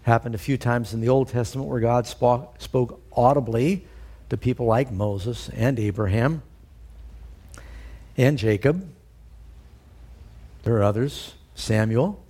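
A man's voice: mid-range voice, unhurried, long pauses, dark tone, slightly rough. Middle-aged man preaching in a storytelling way. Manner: conversational storytelling with fillers. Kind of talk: sermon.

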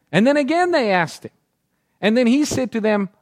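A man's voice: high-pitched, expressive, fast talker, a little mellow, no room sound, studio quality. A man preaching a sermon, retelling scripture stories and acting out the voices in the quotes.

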